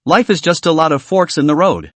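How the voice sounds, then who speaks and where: A man voicing a calm, confident young female fortune-teller, speaking lightly and matter-of-factly. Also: a little high, no echo, natural voice. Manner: light, unhurried, matter-of-fact.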